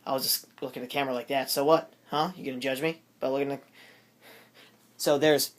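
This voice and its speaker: A man's voice: medium pitch, fairly even intonation, brisk, fairly bright tone. A teenage boy rambling in a goofy, jokey way for his vlog, interrupting himself often. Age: teens. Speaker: vlogger. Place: his room.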